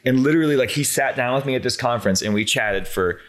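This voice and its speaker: A man in his thirties, a conservation scientist, casually telling an animated, rambling story in an interview and filling it with many filler words. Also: mid-range voice, quick pace.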